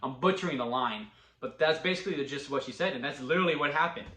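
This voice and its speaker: A man at home casually recapping a TV episode, rambling with quick restarts and bursts of laughter. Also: mid-range voice, bright, forceful tone, reverberant. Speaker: TV episode reviewer. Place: at home with a dog.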